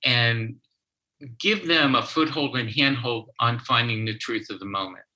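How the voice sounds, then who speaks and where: Slow, bright-voiced man telling a story. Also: mid-range voice, low-quality recording. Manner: slow, halting, with many restarts. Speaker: guest, child therapist. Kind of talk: storytelling in a podcast interview.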